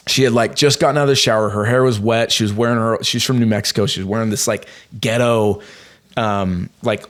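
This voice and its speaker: A man in his thirties telling a long personal story as a podcast guest, rambling and animated, with many fillers and restarts. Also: mid-range voice. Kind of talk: casual storytelling.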